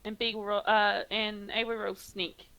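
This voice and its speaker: Bright-voiced woman game master. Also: mid-range voice, flat delivery, moderate pace, poor audio. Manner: casual, loose, with fillers. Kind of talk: narrating a tabletop game.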